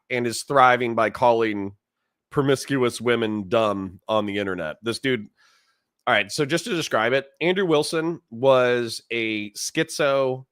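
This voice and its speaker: A man's voice: mid-range voice, a bit bright, dry recording, clean studio sound. A man giving casual live-stream commentary, chatty, laughing often and reading out chat messages. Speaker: streamer reacting to a debate.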